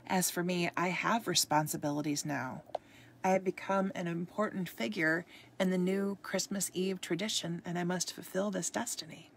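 A woman's voice: lowish voice, fairly even intonation, normal speed, gravelly, slight background noise. A woman voicing Kris Kringle as a dutiful, protective brother, speaking earnestly and formally in a storybook reading.

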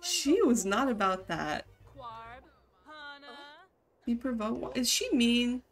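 A woman's voice: a little high, takes it slowly. A woman streamer giving casual live commentary on a life-simulation game, bursting into laughter and scolding her game characters.

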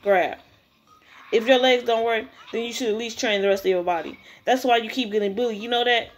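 A woman voicing a domineering male high school bully who barks harsh, contemptuous orders. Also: a little fast, close to an everyday voice. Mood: harsh bossy.

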